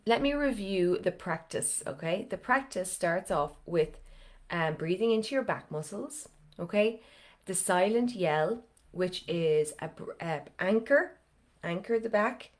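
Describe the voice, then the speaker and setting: A woman's voice: fairly low pitch, darkish tone. A woman, a vocal coach leading a live online singing lesson in a chatty, encouraging way, her voice slightly strained today. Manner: chatty, encouraging, gives step-by-step cues.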